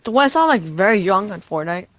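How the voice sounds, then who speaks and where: A young man casually telling a rambling, excited story over game voice chat, full of restarts and retold back-and-forth. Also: sits high, a little fast, dry recording. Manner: rambling, excited retelling with many restarts and "I'm like".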